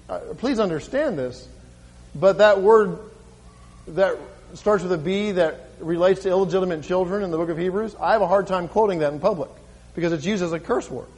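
A middle-aged male pastor preaching a sermon, reading scripture slowly and with emphasis, then dropping to a quiet, conversational tone. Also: high-pitched, big-room sound. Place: church.

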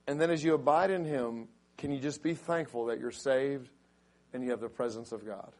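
A middle-aged man with a raspy voice, a pastor preaching a sermon who rises to loud, emphatic delivery when quoting scripture. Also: mid-range voice, normal speed.

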